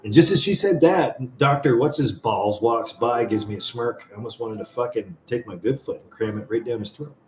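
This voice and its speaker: A man's voice: medium pitch, normal speed, hardly any pauses, slight background noise. A man hosting a live stream, rambling through a story and swearing freely in casual chat. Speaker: livestream host. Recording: roomy echo, faint music behind.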